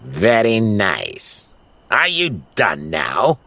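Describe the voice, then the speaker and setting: Brief: man voicing a scheming older wizard villain, husky, slow, drawn-out and whiny, lifted higher than a plain voice, storybook audio. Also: wildly swooping pitch, pushed and bright, no echo, heavily acted. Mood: gloating. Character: scheming male evil wizard, older, theatrical. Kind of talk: storybook voice acting.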